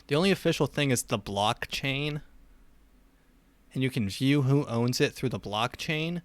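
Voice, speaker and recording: A man's voice: mid-range voice, expressive, measured pace, dry recording. Joking young man, casual podcast banter. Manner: joking, laughs often. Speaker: podcast co-host.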